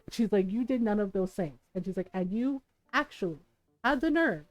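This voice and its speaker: A woman's voice: medium pitch, normal speed. Chatty woman streamer telling a story. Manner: animated, laughs often, acts out quoted people. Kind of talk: casual storytelling while gaming.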